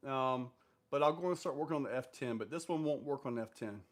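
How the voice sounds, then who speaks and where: Speaking at medium pitch and a little fast, this livestream host reads out viewer comments and responds to them. His answers are loose and rambling, peppered with fillers, in a casual stream.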